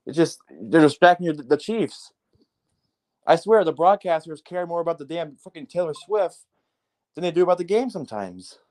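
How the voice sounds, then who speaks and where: This is a brisk, fairly high-pitched man going off on a sports topic, heated and casual. His animated rant is full of profanity and fillers such as "like" and "man".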